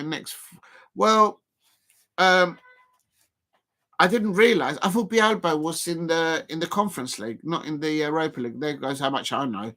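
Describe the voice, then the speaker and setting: A football streamer doing a casual live watch-along commentary, rambling, filling pauses with ums and uhs, correcting themself and breaking into excited shouts at near misses. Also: medium pitch. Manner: rambling and self-correcting, full of fillers and laughs.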